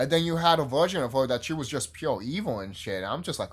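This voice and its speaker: A man casually reviewing a TV show on his channel, excitable and profane, rambling and gushing. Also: medium pitch, fast talker, husky. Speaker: YouTube reviewer.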